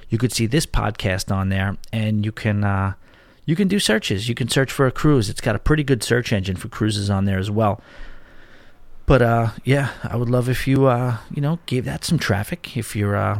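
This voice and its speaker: Rambling low-voiced man podcasting. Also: dry recording. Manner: rambling, chatty, self-deprecating storytelling. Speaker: podcast host. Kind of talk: casual solo podcast chat. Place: home studio. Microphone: studio mic.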